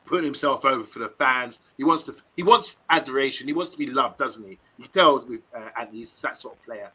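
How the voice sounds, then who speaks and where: Bright-voiced co-host. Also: male voice, medium pitch, fast, husky, low-quality recording. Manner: animated, laughing, tag questions. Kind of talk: casual live stream chat.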